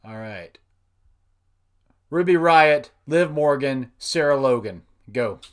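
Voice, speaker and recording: A man's voice: medium pitch, expressive, slow pace. A man hosting a casual podcast trivia game, upbeat and laughing often. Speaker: game show host.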